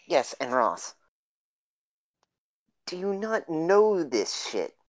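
A woman's voice: low voice, very animated, extremely slow, poor audio. A woman playing a tabletop game, talking in character in a sarcastic, exasperated way. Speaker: player.

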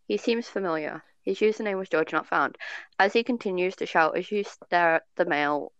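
A woman's voice: medium pitch, clean tone, no room sound, dull audio. A woman reading fan fiction aloud to friends on a call, often laughing and stumbling as she goes. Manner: giggly, breaking into laughter while reading.

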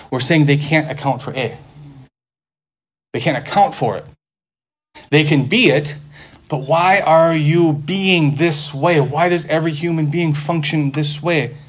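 A man with a voice on the high side lectures to a class in front of a board. He keeps it conversational, firing off rhetorical questions and acting out mock back-and-forth exchanges.

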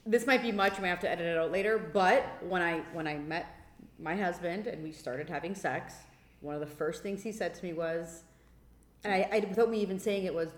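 A married woman hosting a casual podcast chat, animated and quick to laugh, often trailing off and restarting. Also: fairly low pitch, echoey room.

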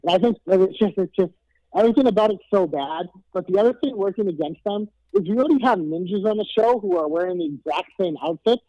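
A man with a high-pitched voice talks in a relaxed, candid way in casual podcast chat. His mic sounds muffled and lo-fi, and there is no room echo at all. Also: quick pace. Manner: laid-back, candid, mildly profane. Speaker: podcast co-host. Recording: dull, dry lo-fi mic.

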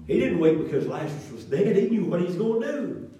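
A middle-aged man preaches in a church, his voice set high for a man and rising and falling as he builds his points. He talks folksy and plain, trading call and response with the room. The sound is echoey and a little distant from the mic. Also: very animated, quick pace, mellow. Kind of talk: preaching a sermon.

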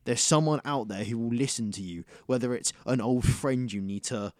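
A man's voice: mid-range voice, normal speed, darkish tone, no room sound, clean studio sound. A young man co-hosting a casual podcast chat, talking bluntly and swearing freely, with emphatic repetition. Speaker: podcast co-host.

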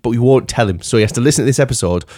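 A man's voice: mid-range voice, racing, mellow. A man hosting a casual podcast, reading out listener messages and laughing often. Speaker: podcast host.

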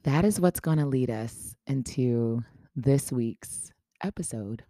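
A woman's voice: rumbling low, takes it slowly. A woman podcast host telling a casual story and acting out the dialogue in it. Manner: animated storyteller, acts out quoted dialogue.

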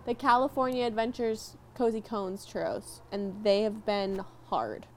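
A young woman co-hosting a casual podcast, animated and quick to laugh, easily moved while telling a story. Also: mid-range voice, noisy background. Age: young adult. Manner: animated, laughs easily, gets teary and emotional. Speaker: podcast co-host. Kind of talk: casual chat.

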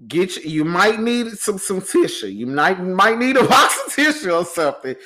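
A man's voice: high voice, very animated, moderate pace, bright, forceful tone. Emotional man hosting a chatty podcast. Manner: loose, rambling and candid, addressing listeners as y'all. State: emotional, voice wavering while recounting a loss. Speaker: podcast host. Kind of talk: casual personal podcast talk.

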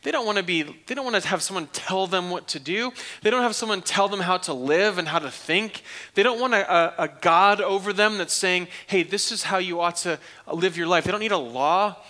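A man preaching a sermon as pastor, animated, swinging from loud emphatic questions down to a hushed near-whisper and repeating phrases for emphasis. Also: high voice, fairly quick.

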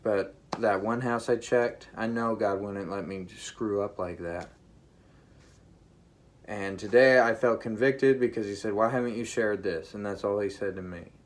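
Earnest male vlogger, slightly low voice, emotional testimony delivered emphatically with halting restarts. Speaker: vlogger sharing a vision.

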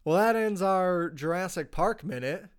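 Chatty podcast host with a smooth voice. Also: male voice, high-pitched, lively intonation, unhurried. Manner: chatty, rambling with fillers. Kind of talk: casual chat.

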